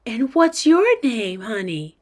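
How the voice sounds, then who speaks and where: A woman's voice: a little high, very animated, takes it slowly, exaggerated voice. A woman doing a sweet, sugary mom. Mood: doting. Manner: gentle, sugary. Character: sweet, doting mother.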